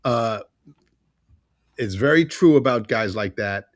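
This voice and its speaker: A man hosting a podcast, telling stories in a casual, animated way and acting out what people said. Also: mid-range voice, slow pace, no room sound, studio quality. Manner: animated storyteller, acts out quotes. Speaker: podcast host.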